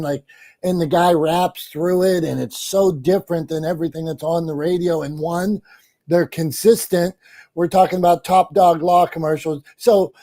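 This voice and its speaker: Gravelly middle-aged man hosting, chatty and enthusiastic. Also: a little high, dark tone. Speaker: host. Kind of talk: casual panel discussion.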